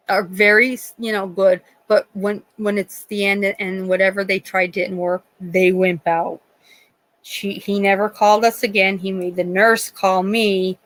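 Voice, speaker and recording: A middle-aged woman with a northeastern Pennsylvania accent hosts a live stream, chatting casually in an emotional, rambling way full of restarts. Her mid-range voice comes through a low-quality recording.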